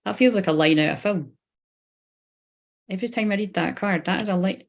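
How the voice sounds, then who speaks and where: A woman's voice: mid-range voice, fairly quick. A woman in her thirties giving a live-streamed card reading, rambling, swearing casually and talking straight to her viewers. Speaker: spiritual reader.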